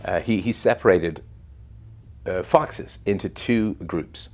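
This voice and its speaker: Deep-voiced man musing over faint music. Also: slow pace, darkish tone. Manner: conversational and musing, with many fillers and rhetorical "right?". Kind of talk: unscripted spoken commentary.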